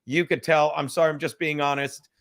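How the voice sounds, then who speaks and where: A man's voice: fairly high pitch, steady tone, brisk, a bit bright. Rambling, profane man in his fifties on a livestream. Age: 50s. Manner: rambling, profane, laughing, drinking while talking; drops to a whisper at times. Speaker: livestream host. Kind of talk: casual livestream chat.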